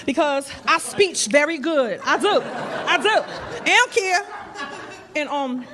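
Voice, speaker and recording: A woman's voice: high voice, expressive, slow, a crowd in the background, background noise. A woman playing a sassy, defensive pageant girl with a Brooklyn accent, in a comedy club. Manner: sassy, confrontational. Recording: comedy club with audience laughter.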